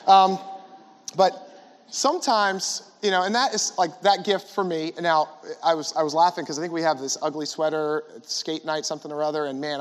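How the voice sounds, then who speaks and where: A man in his forties gives a conversational chapel talk to students in a large school hall. He keeps asking the audience questions and adding "right?". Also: fairly high pitch. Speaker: guest speaker at a school chapel. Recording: long hall reverb.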